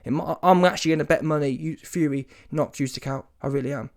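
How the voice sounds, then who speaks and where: Quick-paced and somewhat high-voiced, this man delivers a rant reacting to a boxing fight. He's animated and emphatic, loose with street slang and swearing, frequently mocking and climbing into mocking shouts.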